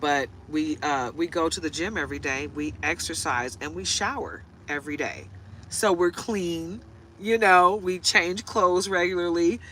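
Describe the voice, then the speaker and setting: Woman reader, casual talker, tells stories with laughs, voice bright and sharp, light hum of noise. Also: lowish voice, unhurried, low-quality recording. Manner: chatty storyteller, laughs often, gets choked up. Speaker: tarot reader. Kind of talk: casual chat to camera. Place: inside a parked truck.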